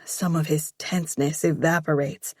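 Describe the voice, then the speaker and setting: A woman reading a first-person romance audiobook in a slow, measured way. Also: low voice, little pitch movement, darkish tone, no echo, studio quality. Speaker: audiobook narrator.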